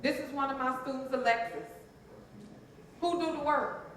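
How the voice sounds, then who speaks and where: A woman's voice: high voice, moderate pace, a bit bright. A woman giving a motivational talk as a transformational coach, emphatic and calling on the audience to answer. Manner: emphatic, call-and-response with audience. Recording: very echoey room.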